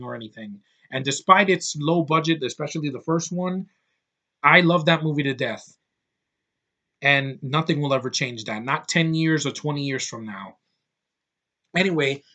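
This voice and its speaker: A man in his thirties reviews a film in a loose, ranting way. He is blunt and swears freely, wandering off on tangents and padding his talk with fillers. His voice sits a little higher than most men's. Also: pushed and bright. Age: 30s. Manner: blunt, profane, rambling with many fillers. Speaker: movie reviewer. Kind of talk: casual rant-style film review.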